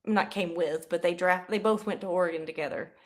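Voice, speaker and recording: A young woman doing casual live play-by-play of a football game, chatty and rambling, bursting into excited yelling. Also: lowish voice, brisk. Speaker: livestream host.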